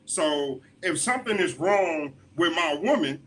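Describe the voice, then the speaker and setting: A man's voice: on the high side, expressive, unhurried, a bit bright, slight background noise. A man co-hosting a casual group chat, laid-back, arguing his point with rhetorical questions.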